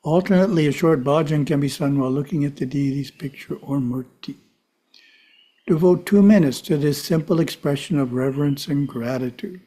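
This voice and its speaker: A man giving a calm, measured spiritual teaching talk, with side remarks to his listeners. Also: fairly high pitch. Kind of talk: teaching talk to a live audience.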